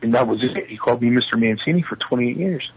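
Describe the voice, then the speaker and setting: A retired wrestler spins lively anecdotes in a sit-down interview, voicing the back-and-forth of each exchange himself. His voice is very husky, and the recording sounds dull and lo-fi. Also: mid-range voice, fast talker. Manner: lively anecdotes, acting out quoted dialogue. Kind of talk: shoot interview storytelling.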